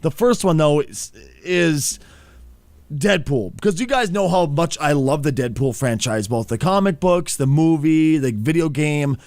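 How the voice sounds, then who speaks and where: An excitable, jokey American man co-hosting a casual podcast chat and laughing often. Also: a little high, measured pace, no echo. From United States. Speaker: podcast co-host.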